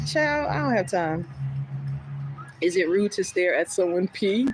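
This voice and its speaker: Animated, outspoken woman on a livestream. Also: mid-range voice, normal speed, long pauses, over music, low-quality recording. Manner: candid and outspoken, swears freely; animated storyteller, acts out others' lines. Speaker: vlogger. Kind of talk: casual chat to a livestream audience.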